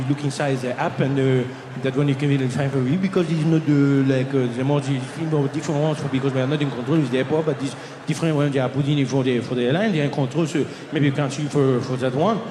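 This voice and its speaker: Older Frenchman with a French accent, rambling and halting, slightly lower pitch, as a man puts him on. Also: roomy sound, noisy background, lightly acted. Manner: halting, rambling broken English.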